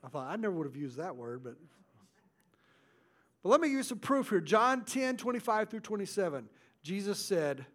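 Pastor guy w a pretty high voice preaching, goes loud then drops way down soft. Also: sing-song, normal speed, long pauses. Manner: swings between loud stresses and hushed asides. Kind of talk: sermon.

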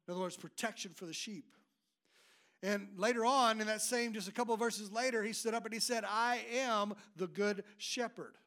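A man's voice: high voice, fairly even intonation, moderate pace, sharp tone. A man preaching an emphatic sermon as pastor, often repeating and restarting his words.

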